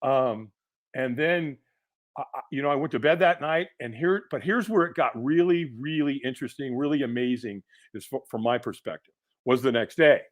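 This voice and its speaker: A middle-aged man, a podcast guest, telling a personal story in an animated way and acting out the people in it. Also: medium pitch, moderate pace. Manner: animated storyteller who acts out quoted voices.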